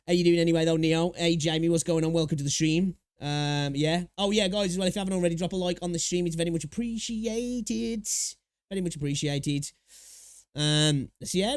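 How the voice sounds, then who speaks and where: A man talks his way through a casual live stream, circling back and repeating himself as he thinks. His voice sits a bit high, and the sound is dry and close to the mic. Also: darkish tone, no room sound. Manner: rambling, with many restarts and repeated words. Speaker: livestream host reacting to videos.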